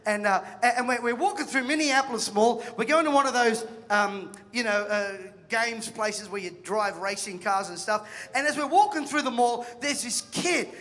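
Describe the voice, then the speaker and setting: A man preaches to a congregation, telling stories and acting out the people in them. His voice sits very high and rings bright and forceful. A long reverb from the hall trails his words. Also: moderate pace. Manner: animated storytelling, acts out voices, jokes with the crowd. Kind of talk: sermon.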